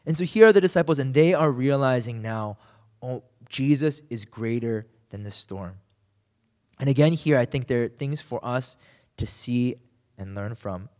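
A man's voice: medium pitch, moderate pace, a little mellow, long reverb tail. A man preaching a sermon in a conversational way, often checking in with "right?" and acting out quoted voices. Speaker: pastor.

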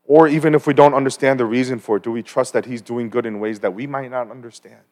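A man's voice: medium pitch, steady tone, fast talker, darkish tone. A man preaching a conversational sermon at a church service, with personal stories and asides, building to emphatic rhetorical questions. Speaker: pastor.

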